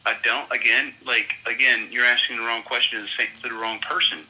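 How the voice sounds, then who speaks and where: A man's voice: medium pitch, little pitch movement, brisk, bright, forceful tone. A man on a phone call, angry and profane, stammering and repeating himself. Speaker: prank call target. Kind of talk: phone conversation.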